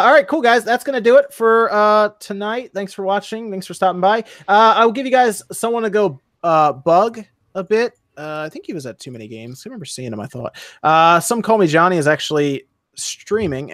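A man with a fairly high voice hosts a laid-back gaming stream. He stumbles and repeats words as he chats with guests. The sound is dry and close. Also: animated, moderate pace, a bit bright, no echo. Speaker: podcast host. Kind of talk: casual chat.

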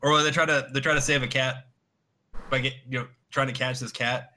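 A man's voice: medium pitch, steady tone, a little fast, bright, forceful tone. A man co-hosting a casual podcast chat, rambling through stories with lots of laughter and acted-out quotes. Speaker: podcast co-host.

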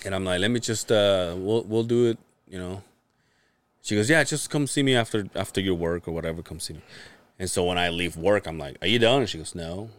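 His voice sits low and his pace is fairly quick, in a dry recording. The man co-hosts a casual podcast, telling family stories with plenty of laughs, swearing and acted-out quotes from relatives.

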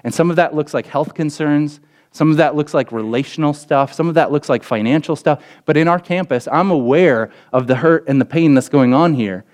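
Storytelling man preaching a sermon. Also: fairly quick. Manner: storytelling with acted quotes, pitch jumping up in excited parts. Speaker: pastor.

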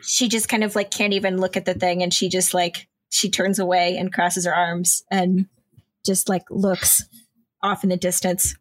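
A woman's voice: fairly low pitch, level tone, moderate pace, dry recording. A woman playing a tabletop game, describing her character's actions in a chatty, filler-heavy way. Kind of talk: casual game narration.

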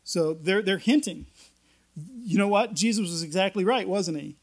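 A man's voice: high-pitched, normal speed. A man preaching a sermon, reading scripture aloud and explaining it in a conversational way with folksy, joking asides. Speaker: pastor.

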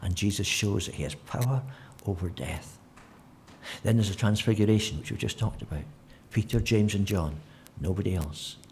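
A man preaching a sermon, telling the story with animated delivery and acting out quotes in different voices. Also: fairly low pitch, moderate pace, gravelly, a little hiss or hum.

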